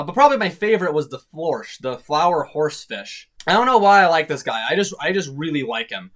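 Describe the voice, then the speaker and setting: Chatty young man with a higher voice. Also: a bit bright. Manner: self-deprecating, rambling with frequent fillers. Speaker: YouTube vlogger. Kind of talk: casual comedic monologue to camera.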